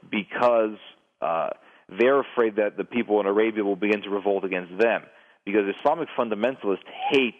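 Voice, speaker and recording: A man giving a lecturing explanation as a guest on a radio show, often stammering and restarting his sentences. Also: fairly low pitch. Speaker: guest expert on terrorism. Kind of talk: radio phone interview. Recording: tinny phone line.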